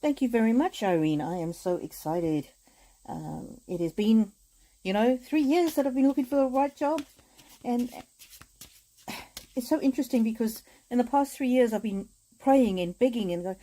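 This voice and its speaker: A woman chatting with viewers on a live stream as an oracle card reader, speaking in gentle, repetitive affirmations with frequent hesitations. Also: fairly high pitch, moderate pace, poor audio.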